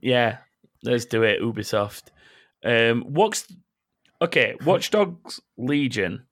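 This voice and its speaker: A man in casual gaming chat, talking bluntly and swearing freely. His pitch sits in an ordinary middle range for a man. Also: lively intonation, slow, a bit bright. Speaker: podcast co-host.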